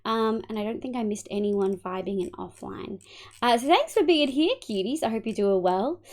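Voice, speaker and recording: A young woman with an Australian accent chats casually through a live stream, her voice sitting a little high. She greets viewers by name and jumps from soft asides to loud, playful outbursts. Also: animated, normal speed.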